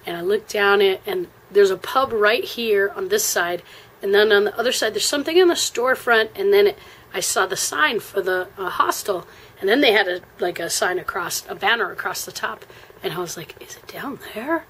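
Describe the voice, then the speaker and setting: A woman with an American accent telling a travel story in a casual, rambling way, with lots of fillers and frequent throat clearing. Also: medium pitch, normal speed, a bit bright, poor audio.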